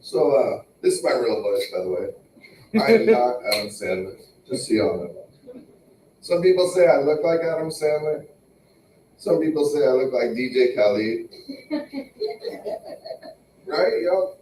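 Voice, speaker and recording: A man's voice: mid-range voice, animated, unhurried, long pauses, mellow, echoey room, recorded from a distance, a little hiss or hum, low-quality recording. A man doing a loose, crude stand-up set and riffing on the crowd. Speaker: stand-up comic. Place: small comedy venue.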